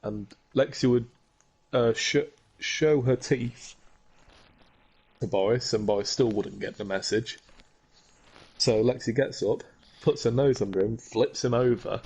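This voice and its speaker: A young man, co-hosting a casual podcast chat in a relaxed, hesitant way with many pauses. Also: medium pitch, husky, low-quality recording. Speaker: podcast co-host.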